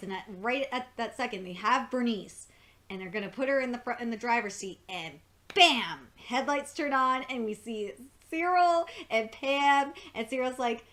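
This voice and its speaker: A young woman casually reviewing a TV episode, giggling often, swearing freely and filling pauses with ums. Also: high-pitched. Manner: giggly, excitable, swears freely, many fillers. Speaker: video reviewer.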